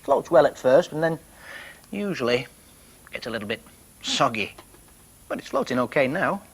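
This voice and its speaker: Man, children's TV presenter, slow and gentle, slightly raised pitch, faint hiss. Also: vocal fry. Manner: gentle, playful, talks to young viewers.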